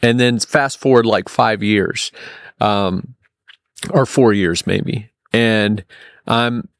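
A man in his thirties with a fairly low voice tells a personal story as a podcast guest. He halts and restarts, leaning on fillers as he searches for words. The sound is dry and close. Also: creaky, no room sound. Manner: rambling, halting, many restarts and ums.

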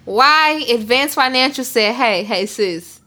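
A young woman co-hosting a podcast, telling stories in a profane, animated way and breaking into shouted outbursts. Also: on the high side, slow pace. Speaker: podcast co-host. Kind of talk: casual chat.

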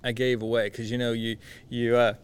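Smooth-voiced pastor telling a lively story. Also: male voice, mid-range voice, brisk. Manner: animated anecdote teller, acts out quotes. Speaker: guest pastor. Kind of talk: casual storytelling chat. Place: conference venue.

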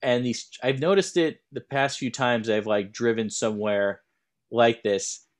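A young man at an ordinary middle pitch, chatting casually as a podcast co-host. He rambles, circles back and restarts his sentences as he tells a story. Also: steady tone, a little slow. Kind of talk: casual chat.

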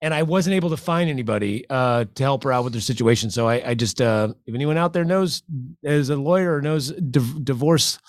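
A man's voice: mid-range voice, a little fast, dry recording, studio quality. A man co-hosting a live show, chatting casually in a joking manner. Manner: jokey, puts on shouted voices in bits. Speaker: livestream co-host. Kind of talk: casual chat.

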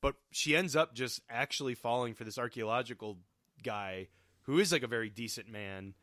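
A man chatting casually about a film, chatty and quick to laugh. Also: medium pitch, a bit bright, no echo, clean studio sound.

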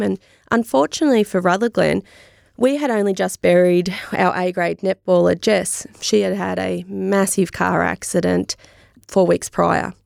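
Gravelly Australian woman telling her story. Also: fairly low pitch, normal speed, no room sound, studio quality. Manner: candid, animated, acts out remembered dialogue. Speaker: interview guest. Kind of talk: conversational storytelling.

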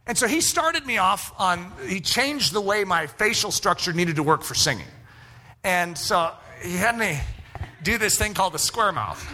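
A man telling a personal story in a sermon, animated and acting out both sides of remembered conversations. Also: sits high, moderate pace.

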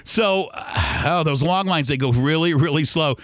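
High-voiced chatty male podcaster. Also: animated, moderate pace, fairly bright tone, no echo, studio quality. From Michigan, US. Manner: chatty and rambling, acts out shoppers' voices. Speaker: podcast host. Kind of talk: casual solo podcast monologue.

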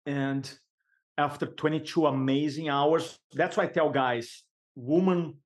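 Animated man telling a story. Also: on the high side. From Brazil. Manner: animated, emphatic storyteller with vivid pauses. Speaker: podcast guest. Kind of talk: personal storytelling.

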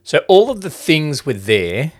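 A man's voice: a little high, big pitch swings, measured pace. A man co-hosting a podcast in casual chat, dropping dry joking asides. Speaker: podcast co-host.

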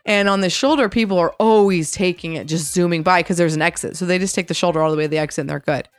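A woman's voice: lowish voice, fast talker, clean tone, no echo. Blunt, ranting sick woman. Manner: blunt, animated ranting with acted-out quotes. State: sick, congested. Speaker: podcast co-host. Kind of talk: casual chat.

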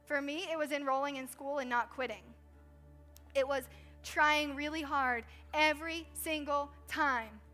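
A woman in her thirties, the pastor's wife, preaches a conversational sermon from the church stage in a high-pitched, bright, forceful voice. She tells stories in a chatty way, saying "like" often.

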